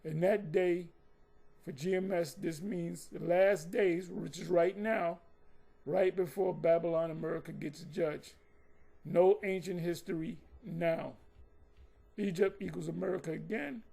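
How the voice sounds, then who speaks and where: A man's voice: high-pitched, gravelly, darkish tone. A man giving combative, mocking commentary on scripture, rambling with frequent restarts. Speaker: religious commentator.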